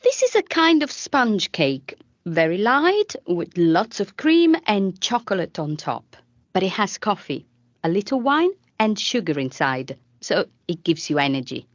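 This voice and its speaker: A friendly Italian waiter walks a diner through the dishes with a lively, rising and falling melody. Her explanations come out lilting and patient. The sound is dry and slightly dull, like a textbook recording played over a call. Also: medium pitch, a little slow, no echo.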